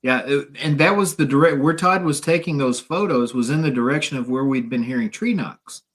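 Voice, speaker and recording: A man's voice: mid-range voice, a little fast, fairly bright tone. A man with a Midwestern American accent chatting casually as a guest on a paranormal radio show, rambling with lots of fillers and restarts.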